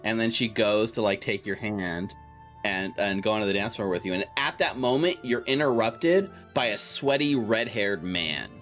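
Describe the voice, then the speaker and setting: A man runs a tabletop game, narrating scenes in a relaxed, chatty way peppered with "like" and "um." His voice sits low but moves a lot in pitch. Faint music plays underneath. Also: moderate pace. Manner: casual, lots of fillers and "like". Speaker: game master.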